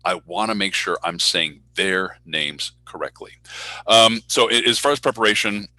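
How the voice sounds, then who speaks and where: A man's voice: sits low, normal speed, no echo, low-quality recording. A man who works as a public address announcer, telling stories in a casual online Q&A and acting out the voices in his anecdotes. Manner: animated storyteller who acts out voices in anecdotes. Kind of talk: casual talk in an online speaker Q&A. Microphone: video call.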